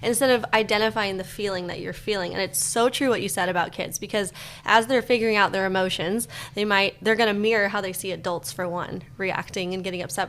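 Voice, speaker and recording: Woman, podcast host, casual chat, reflective, middle pitch, loose and conversational. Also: fairly bright tone. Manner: reflective, with many fillers and restarts.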